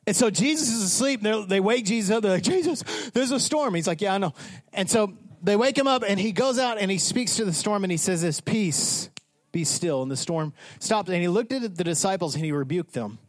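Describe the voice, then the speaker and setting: A man preaching a sermon as pastor, animated, acting out the people in his story. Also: high-pitched, fast, no echo. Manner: animated, acts out voices of disciples.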